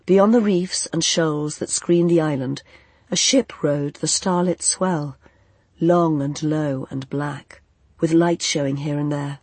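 Audiobook narrator, soft expressive fantasy reading, mid pitch, dry close sound. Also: takes it slowly, breathy edge, no echo.

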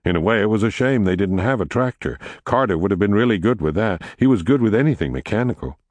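A deep-voiced man reads a novel aloud in a measured storyteller's way, with his pitch moving expressively through each sentence. The recording is dry and close, with no room sound. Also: lively intonation, dry recording. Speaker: audiobook narrator. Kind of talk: scripted narration.

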